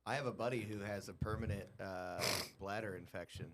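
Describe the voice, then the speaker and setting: Fast, crude co-host over loud noise. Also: male voice, on the low side. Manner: crude, quick interjections. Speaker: podcast co-host. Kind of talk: casual podcast chat.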